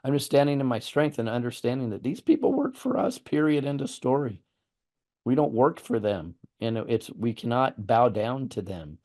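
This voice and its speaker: A man's voice: medium pitch, very animated, normal speed, dark tone. A man hosting an interview, explaining his views earnestly with examples and often repeating words. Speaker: host. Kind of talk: interview conversation.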